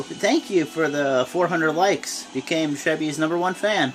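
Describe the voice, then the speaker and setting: A man's voice: a little high, a little slow, hardly any pauses, faint music behind. A sleepy young man giving rambling, casual reaction commentary, often stopping to correct himself. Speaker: wrestling reaction vlogger.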